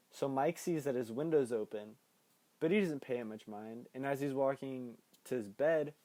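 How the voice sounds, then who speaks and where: Mellow young man recapping a movie. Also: mid-range voice, no echo. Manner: playful, laughs often, bursts into excited quoted voices. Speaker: podcast host recapping a film.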